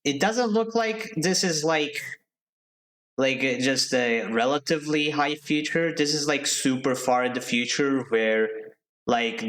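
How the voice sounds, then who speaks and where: A man streaming a game live, talking casually in an ordinary mid-range voice. He thinks out loud and answers his viewers as he plays. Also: medium pitch. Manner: chatty, thinks aloud, answers chat.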